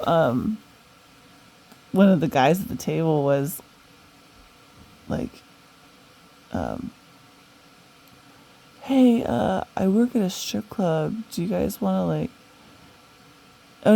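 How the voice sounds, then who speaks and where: A young woman casually tells a long, rambling story recounting a dream, with many fillers, restarts and the odd swear word. Her voice is on the low side, creaky and mellow. The audio quality is poor.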